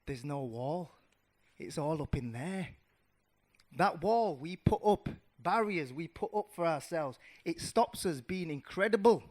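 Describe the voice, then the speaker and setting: A man in his thirties from the audience, telling a children's story in a casual, animated way, with slangy asides and many restarts. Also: a little high, unhurried. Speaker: audience member.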